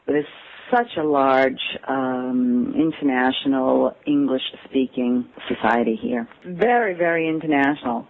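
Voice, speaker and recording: American woman, interview guest, animated storyteller, phone-line sound. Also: a bass voice, unhurried, hardly any pauses, slight background noise. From United States. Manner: animated storyteller who acts out quotes and laughs. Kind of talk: casual interview conversation.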